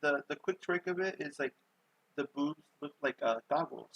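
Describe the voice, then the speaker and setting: A young man on the high side, moderately paced, with a fairly bright, breathy voice chats rambly with viewers while streaming his sketching, using many ums and likes. The sound is lo-fi with no echo.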